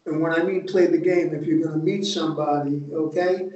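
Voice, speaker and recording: A man's voice: fairly high pitch, fairly even intonation, a little fast, darkish tone. Older jersey guy telling it like it is, swears a lot, sounds far off and muffled. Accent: New Jersey. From North Jersey. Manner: blunt, profane, streetwise storytelling. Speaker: podcast guest, retired undercover agent. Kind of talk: casual storytelling interview. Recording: distant, echoey, muffled remote audio.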